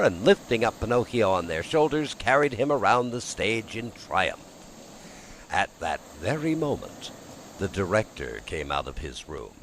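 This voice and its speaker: A man narrating an audiobook in an expressive, lively storytelling manner. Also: low voice, slight background noise, rough recording.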